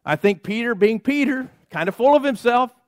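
A high-voiced pastor preaches with emphatic, rhythmic repetition and frequent call-outs to the congregation. His voice is close and dry, with almost no room sound around it. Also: expressive, normal speed, dry recording. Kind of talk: sermon. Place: church sanctuary.

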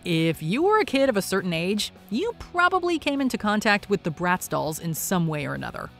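A woman's voice: mid-range voice, big pitch swings, a little fast. A woman narrates a countdown in an upbeat, playful scripted read. Her mid-range voice moves up and down with plenty of life. Faint music plays beneath her. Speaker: countdown host.

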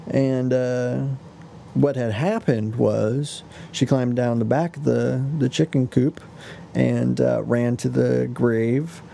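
A man's voice: mid-range voice, gravelly, warm tone, a little hiss or hum. A man co-hosting a podcast, retelling an old tale in a loose, slangy, casual way. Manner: loose and slangy, many fillers and restarts. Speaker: podcast co-host. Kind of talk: casual storytelling chat.

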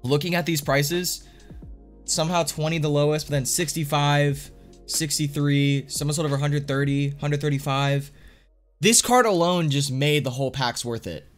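A man streaming live, chatting casually and excitably to his viewers, full of slang. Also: a little high, moderate pace, faint music behind. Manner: excitable, slangy, says dude a lot. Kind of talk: casual live-stream chat while opening card packs.

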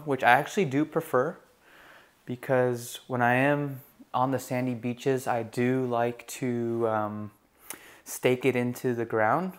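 A young man casually reviewing a fishing rod in a relaxed, rambling way, with lots of fillers and bursts of enthusiasm. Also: medium pitch. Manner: enthusiastic about gear. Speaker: gear reviewer.

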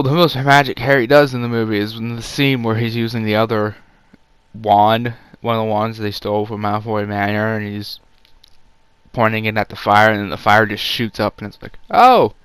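Male reviewer, low-ish and smooth, sarcastic off-the-cuff delivery with plenty of fillers, dry close sound. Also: a bit bright, no room sound. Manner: sarcastic, rambling, many fillers. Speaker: movie reviewer.

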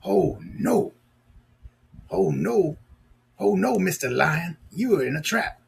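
A small, frightened storybook mouse who pleads earnestly, read by a man. The voice is raised a little and gravelly. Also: high-pitched, animated, slow pace, heavily acted. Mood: worried.

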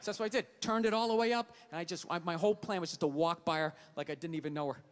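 A man's voice: on the high side, rapid-fire. A man performing a stand-up comedy routine, ranting through a profane, exasperated story.

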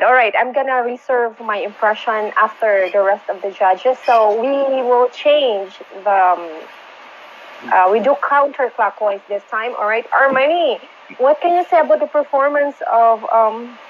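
High-voiced effusive woman on a video call. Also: unhurried, slight background noise. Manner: effusive, rambling, with frequent fillers. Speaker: judge of an online singing contest. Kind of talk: casual judging feedback. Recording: slightly muffled online call audio.

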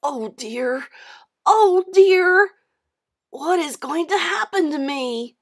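A woman's voice: high voice, animated, takes it slowly, pitched above the performer's own voice, full character voice. A woman doing a frightened young schoolboy. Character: anxious young schoolboy, fretful.

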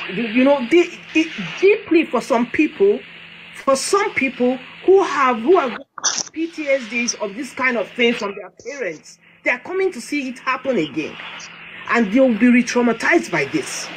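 A woman hosting a casual chat, talking in an emotional, indignant way. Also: on the high side. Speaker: host. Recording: noisy background.

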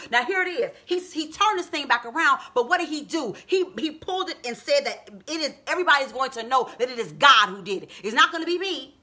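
A woman preaching a live online sermon, fervent, calling out to her listeners and building to shouts. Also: high-pitched, very animated, a little fast. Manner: fervent, calls out "come on now", builds to shouting.

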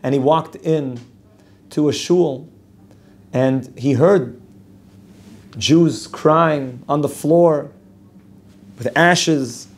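A man's voice: a little high, extremely slow, pauses often. A man teaching an outdoor Torah class as a rabbi. He tells stories with energy and repeats phrases for emphasis. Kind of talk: spoken Torah lesson with storytelling. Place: outdoors at a lookout over a city.

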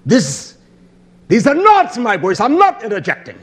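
A man's voice: very high-pitched, wildly swooping pitch, measured pace, husky. A man preaching a sermon, telling stories with emphatic repetition and blunt swearing. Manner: emphatic preaching, repeats phrases for stress; swears for emphasis and grows louder. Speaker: pastor.

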